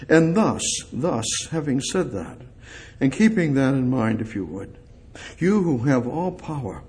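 A man preaching a sermon, speaking directly to God and repeating short phrases, swinging between loud emphatic lines and soft, hushed ones. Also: medium pitch, very animated, measured pace. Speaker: pastor.

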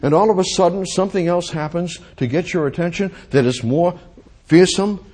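A man preaching a sermon, dropping to a hush and rising to loud cries, repeating phrases for emphasis. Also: high voice, normal speed. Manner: lively, swings from hushed to loud, repeats phrases.

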